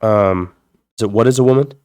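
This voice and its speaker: A man co-hosting a casual podcast chat in an easygoing way, with quick interjections. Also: lowish voice, a little mellow, no echo, clean studio sound. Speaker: podcast co-host.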